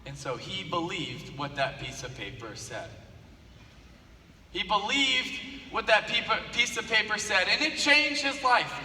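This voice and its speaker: Bright-voiced man telling a story. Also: high voice, measured pace, a little hiss or hum. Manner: animated storyteller, repeats phrases for emphasis. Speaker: speaker. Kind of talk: motivational storytelling speech. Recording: echoey hall, from far off, faint ambience.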